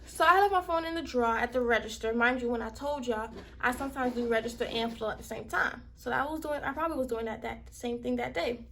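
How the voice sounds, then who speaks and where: A young woman from Miami with a Southern accent, telling a workplace story in a casual, heated, animated way. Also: sits high, vocal fry. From Miami, Florida. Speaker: vlogger.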